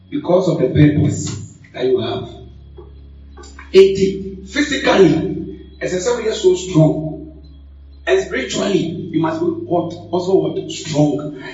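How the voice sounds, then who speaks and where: A man's voice: fairly high pitch, mellow. A man with a Ghanaian accent, a pastor preaching a sermon with call-and-response and frequent switches between languages. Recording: echoey hall from far off, dull lo-fi.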